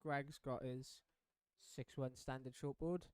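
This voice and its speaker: A man's voice: mid-range voice, steady tone, slow, clear, resonant tone, no echo. A man who surfs in the contest, co-commentating and plainly explaining the conditions. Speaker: competing surfer turned co-commentator. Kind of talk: casual sports commentary.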